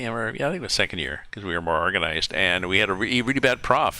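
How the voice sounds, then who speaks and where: A man's voice: low-pitched, pushed and bright. A man chatting casually while driving a convoy in a truck game, telling rambling stories with many fillers and restarts. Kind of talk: casual chat while gaming.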